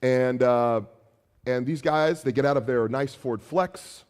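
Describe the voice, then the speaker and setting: A man preaching as pastor, animated, acting out taunts in a raised voice, with some restarts. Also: mid-range voice, a little slow, in a large hall. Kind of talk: sermon.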